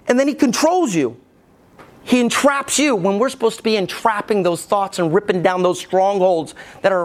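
A pastor in his forties preaching a sermon in a church, candid and dramatic in his storytelling. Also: sits high. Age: 40s.

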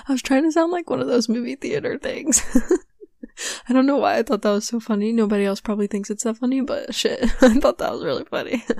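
A woman's voice: on the high side, creaky, a little mellow, dry recording, studio quality. A young woman rambling in a casual, giggly solo chat at her home mic, swearing casually and sounding hyper. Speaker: podcast host. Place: small room at home. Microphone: home desk mic.

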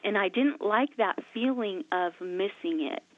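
A woman's voice: medium pitch, a little slow. Lady host telling stories on a thin phone line, does all the voices. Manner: animated, acts out quoted dialogue. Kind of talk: casual faith conversation, storytelling. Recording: tinny phone-like line, dry.

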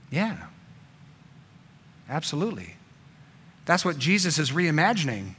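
A male pastor giving a sermon, swinging between emphatic passages and hushed, intimate ones. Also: on the high side, normal speed.

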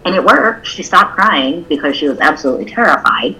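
A woman's voice: deep voice, animated, a little fast, sharp tone, slightly rough, poor audio. A woman co-hosting a podcast, telling a personal story in a candid, open way during a casual conversation. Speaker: podcast co-host.

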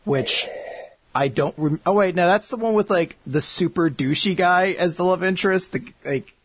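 With a high, husky voice at a moderate pace, this podcast co-host casually revisits the series they covered. He keeps things jokey and animated and laughs a lot.

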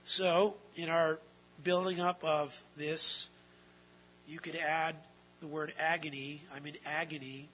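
A man preaching a sermon, swinging between hushed, drawn-out phrases and loud, emphatic ones. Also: on the high side, little pitch movement, a little hiss or hum, poor audio. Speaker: pastor.

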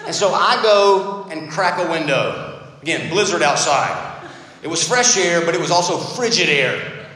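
A middle-aged American man preaching a sermon, telling stories in an animated, self-deprecating way. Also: a little high, measured pace. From United States. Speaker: pastor. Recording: very echoey hall, faint room noise.

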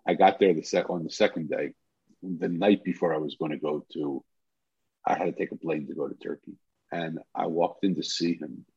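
With a bass voice that's slightly rough, an older man guesting on a podcast tells a long tale and animatedly performs the dialogue. He speaks at normal speed, and the slightly muffled recording has no room sound.

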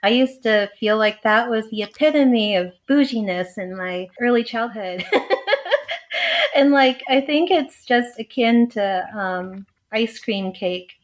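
A woman's voice: fairly high pitch, slow pace. A young adult woman, a guest on a podcast, talking casually and hesitantly, full of fillers and laughs. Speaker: astrologer guest. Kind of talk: casual chat.

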